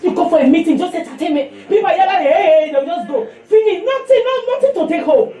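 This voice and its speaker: A woman's voice: very high voice, animated, fast, reverberant, recorded from a distance. Passionate Nigerian woman preaching a sermon. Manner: passionate, emphatic, swings from loud to hushed.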